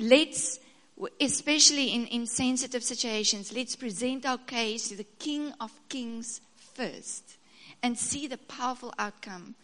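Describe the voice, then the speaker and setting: A woman co-hosting with her husband, speaking gently and encouragingly to other wives. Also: on the high side, long reverb tail. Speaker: co-host, wife. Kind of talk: encouraging talk and joking asides.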